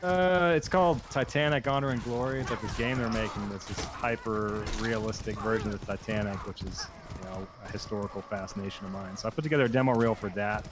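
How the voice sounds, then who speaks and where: Low-voiced man chatting over noise. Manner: relaxed and rambling, with frequent fillers. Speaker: voice actor guest. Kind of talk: casual chat during a game stream. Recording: noisy background.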